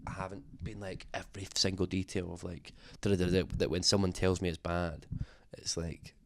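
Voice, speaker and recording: Low-voiced rambling man. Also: level tone, fairly quick, creaky. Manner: rambling, self-deprecating, many fillers and restarts. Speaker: interviewee, singer. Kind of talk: casual interview chat.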